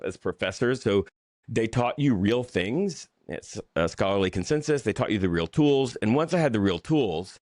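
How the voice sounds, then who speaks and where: Clean studio audio with no echo captures a mid-range male voice. The speaker, a pastor and author from the Southern United States, recounts his story in a relaxed interview; he's candid and pokes fun at himself, often stumbling, restarting sentences, and repeating words.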